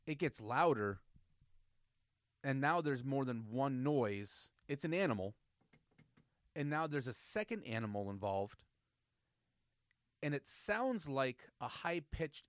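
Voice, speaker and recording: A man telling a long story in casual podcast banter, animated and teasing, with frequent restarts. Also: mid-range voice, slow pace, long pauses, no echo, clean studio sound. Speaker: podcast host.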